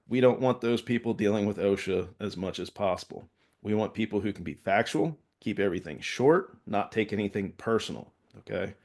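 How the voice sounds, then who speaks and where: A man's voice: lowish voice, a little mellow. Man teaching safety with constant check-ins. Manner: conversational, peppers points with "all right?" check-ins. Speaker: safety consultant. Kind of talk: workplace safety training talk.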